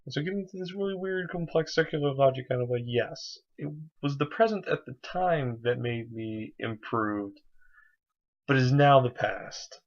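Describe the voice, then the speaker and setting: A young man talking straight to the camera, earnest and a bit rambling, circling back on his own thoughts. His voice sits at an ordinary middle pitch. The sound is slightly dull and lo-fi. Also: lively intonation, moderate pace. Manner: rambling and earnest, many fillers. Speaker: vlogger. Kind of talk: casual video diary.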